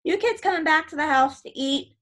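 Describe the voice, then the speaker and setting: Woman reading as a calm uncle, low and firm, no nonsense. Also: brisk. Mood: plain.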